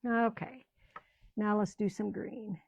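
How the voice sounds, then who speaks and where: A woman's voice: medium pitch, steady tone, slow, creaky, a little mellow, poor audio. An older woman chatting casually as she crafts at home, rambling and often trailing off mid-sentence. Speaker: crafting channel host. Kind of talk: casual chat while crafting.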